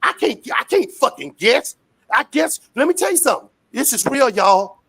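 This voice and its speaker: Gravelly, fiery man for a street interview rant, loud and profane. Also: very high voice, sing-song, moderate pace. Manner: fiery, profane, shouting rants.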